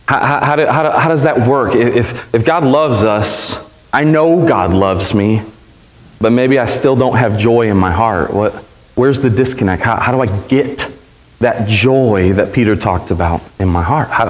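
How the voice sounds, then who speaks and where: Young pastor preaching in an echoey church. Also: male voice, mid-range voice. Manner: conversational, asks the congregation questions, jokes. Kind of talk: live sermon. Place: church sanctuary.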